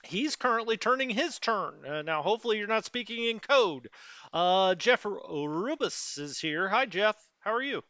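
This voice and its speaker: A middle-aged man with a high, bright, smooth voice talks his way through a strategy game, chatty and rambling with plenty of fillers. He greets his viewers by name. The sound is dry and a little lo-fi. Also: expressive, moderate pace, dry recording. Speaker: let's play host. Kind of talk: casual live gameplay commentary. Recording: dry, slightly dull lo-fi sound.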